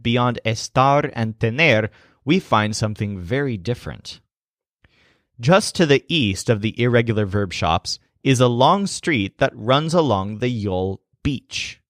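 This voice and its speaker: A man narrating a language lesson in a clear, explanatory way. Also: medium pitch, a bit bright, no room sound, studio quality. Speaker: language teacher.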